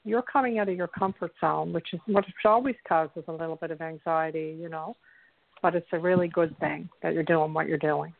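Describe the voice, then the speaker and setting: A woman from Newfoundland with a Newfoundland accent, giving calm, gentle spiritual advice on a call-in show. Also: deep voice, brisk, vocal fry, no room sound. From Newfoundland, Canada. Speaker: spiritual show guest host. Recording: dry tinny phone line.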